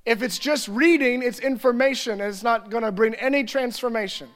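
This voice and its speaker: A man preaching a sermon as pastor, earnest and repetitive, building lists of phrases and slipping into quiet prayerful reading. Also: very high-pitched, a little fast, big-room sound.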